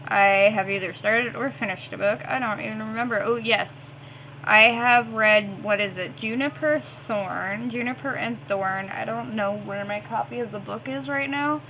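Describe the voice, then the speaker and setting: High, bright-voiced woman ranting. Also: a little slow, a little hiss or hum, rough recording. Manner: ranting, swears a lot, frequent ums. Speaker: book vlogger. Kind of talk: casual reading vlog.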